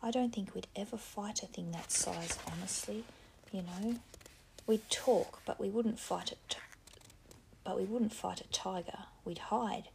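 A woman voicing Ralph, a frustrated, anxious boy chief with a bitter, strained way of speaking in a gravelly, breathy voice. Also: medium pitch, measured pace, a little mellow, slight background noise.

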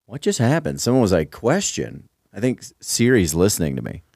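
A man's voice: on the low side, very animated, fast, dark tone, no echo, clean studio sound. A man co-hosting a casual comedy podcast, joking around and slipping into a mock announcer voice. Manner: playful, breaks into mock ad-announcer voice. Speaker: podcast co-host.

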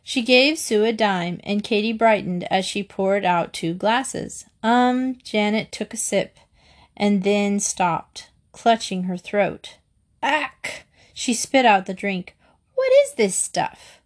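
A woman reading a children's chapter book aloud, gentle and expressive. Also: medium pitch, takes it slowly. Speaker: audiobook reader. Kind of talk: storybook narration read aloud.

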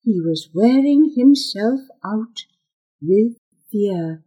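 Slow, husky-voiced woman reading a story. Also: medium pitch, lively intonation, warm tone, lo-fi sound. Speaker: narrator. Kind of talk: audiobook narration.

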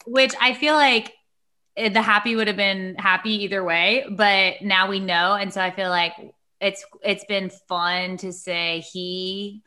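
Bright-voiced woman telling a story. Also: mid-range voice, a little slow. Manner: dramatic, animated storytelling with frequent "like". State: pregnant. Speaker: podcast co-host. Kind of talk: casual podcast chat. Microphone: remote call mic.

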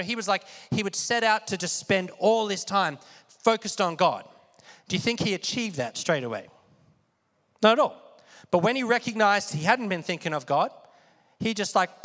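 Under long hall reverb, a man preaches with a high-pitched, fairly bright voice. His style is conversational, regularly turning questions to the audience and getting them to echo words.

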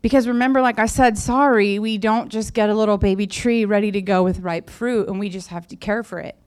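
A woman's voice: mid-range voice, fairly even intonation, fairly quick, a little mellow, clean tone. A woman pastor giving a sermon in a conversational way, repeating key phrases for emphasis.

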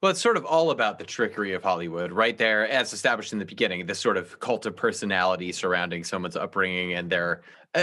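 A man's voice: lowish voice, sharp tone. A man on a podcast panel analyzing a film in a rambling, analytical way, full of hedging words. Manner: analytical, rambling with "sort of" and "like" hedges.

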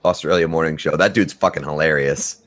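A man's voice: a bass voice, steady tone, fairly quick, fairly bright tone. A man co-hosting a podcast, chatting bluntly and teasing his co-host. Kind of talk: casual chat.

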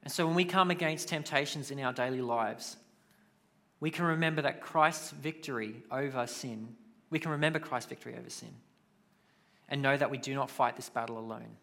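A man's voice: mid-range voice, normal speed, pushed and bright. A man preaching a sermon in a conversational way, with casual asides. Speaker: pastor.

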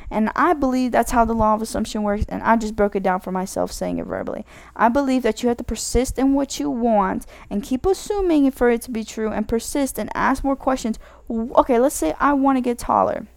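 A woman with a somewhat high, creaky voice talks at a moderate pace, recorded dry. Her casual advice wanders, is full of self-corrections, and is peppered with "like."

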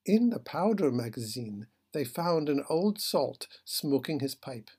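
Husky man reading and reflecting. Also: a little high, lively intonation, measured pace, darkish tone. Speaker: literature lecturer. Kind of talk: reading a fable aloud and commenting.

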